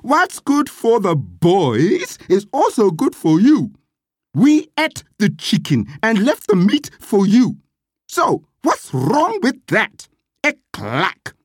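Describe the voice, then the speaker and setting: Storybook: a shrill, no-nonsense young housemaid, voiced by the narrator, barking orders, husky edge, dry sound. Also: huge pitch swings, slow pace, no room sound, full character voice. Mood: defiant. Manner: sharp, commanding, shrieking. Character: bossy, fearless young housemaid woman. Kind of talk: storybook reading.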